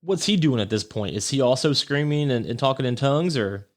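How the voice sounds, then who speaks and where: A man's voice: mid-range voice, lively intonation, fairly quick. A man hosting a podcast in casual chat, reacting to his guest with short remarks, blunt and profane. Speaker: podcast host.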